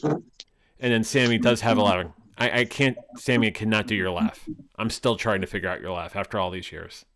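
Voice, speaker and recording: A man's voice: on the low side, a little fast, fairly bright tone. Jokey man hosting a stream. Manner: jokey, reads out viewer comments. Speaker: host. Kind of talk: casual live-stream chat.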